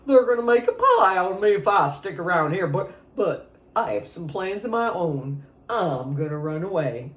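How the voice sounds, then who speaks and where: A woman's voice: lowish voice, animated, moderate pace, pitched above the performer's own voice, close to an everyday voice. A woman voicing a dim, easygoing male pumpkin who talks hesitantly and rambles. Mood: sure, rambling. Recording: echoey room.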